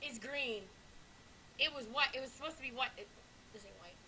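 At home, a young woman vlogs in casual, unscripted chat, swearing a lot and swinging between loud exclamations and muttered hums. Her high voice moves fairly quickly, and the recording is rough.

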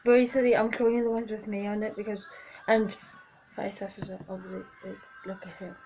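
A woman's voice: medium pitch, level tone, brisk, a little mellow, soft background music, low-quality recording. A teenage girl vlogging casually, chatty and gushing as she talks through photos on her phone. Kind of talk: casual vlog chat.

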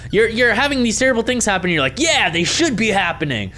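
A young man with a high, bright voice narrates his play of a horror game. His pitch swings widely as he jokes, swears and reacts. Light background noise sits under his voice. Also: big pitch swings, fast. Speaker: gaming YouTuber. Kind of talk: let's play commentary.

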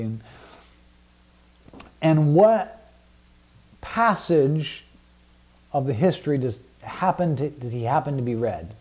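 A man's voice: medium pitch, lively intonation, unhurried, long pauses, dark tone. A man teaching a Bible study group in a casual, conversational way, with many fillers and frequent questions to the class.

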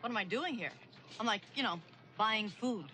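A woman's voice: on the high side, animated, moderate pace, sharp tone, a little hiss or hum. An actress playing a flirty New York socialite woman who talks in a chatty, gushing, rambling way. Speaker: acquaintance who bumps into a friend while shopping. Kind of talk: 1990 film romantic comedy acting.

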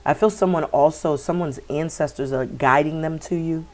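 A woman with a low voice gives a tarot reading to her viewers. She wanders from thought to thought, repeating words and filling pauses with "um" and "you know.". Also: darkish tone. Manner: meandering, repeats words, many fillers. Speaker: tarot reader.

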